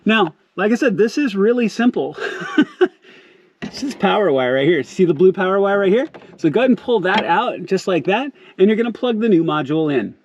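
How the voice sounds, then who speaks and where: A man's voice: sits high, big pitch swings, fairly quick, highs cut off, a little hiss or hum. A man hosting a casual, upbeat how-to video on car work, recorded from inside a car's back seat. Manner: upbeat, friendly, says "y'all" often. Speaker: car DIY video host.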